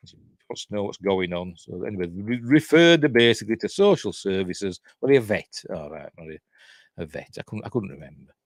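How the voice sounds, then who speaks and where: A man's voice: fairly low pitch, lively intonation, moderate pace, no echo. A Yorkshire man in his fifties recapping a horror film in a casual, digressive way, with chuckling asides. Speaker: film reviewer.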